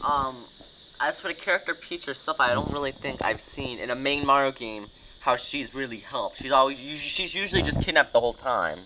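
A man's voice: medium pitch, fairly quick, crowd noise, poor audio. A man hosting a casual chat, rambling and hedging with many fillers and laughing at himself. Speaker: host.

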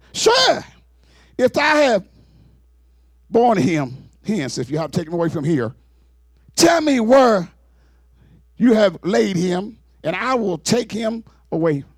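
A grieving woman, put on by a male preacher pleads in a high, wavering voice. The words come slowly in a dry, close space. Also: sing-song, no room sound, full character voice. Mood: pleading.

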